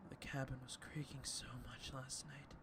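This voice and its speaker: A man voicing a weary, uneasy woman survivor in a game, in a quiet voice near his own. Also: mid-range voice, little pitch movement, moderate pace, noisy background, natural voice.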